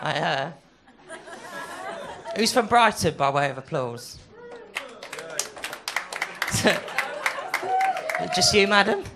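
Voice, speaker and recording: A man's voice: a little high, animated, extremely slow, long pauses, noisy background. Male stand-up, teasing crowd work, live club recording with audience laughter. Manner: teasing banter with audience members. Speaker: stand-up comedian. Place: comedy club stage.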